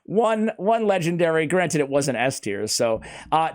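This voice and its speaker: A man hosting a casual gaming chat, excitable and laughing often, talking like he's with a buddy. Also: on the high side, normal speed. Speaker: host.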